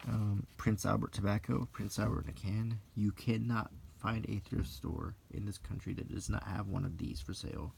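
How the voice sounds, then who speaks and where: Soft-spoken man with a gravelly voice. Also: on the low side, steady tone, moderate pace, few pauses, a little hiss or hum. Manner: quiet and musing, reading aloud with asides. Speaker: host flipping through an old magazine. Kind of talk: soft-spoken unintentional ASMR.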